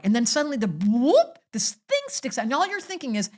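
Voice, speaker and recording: An older woman astrologer, a podcast guest telling animated, theatrical stories in casual conversation. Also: high-pitched, brisk. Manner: theatrical storytelling, acting out quoted voices.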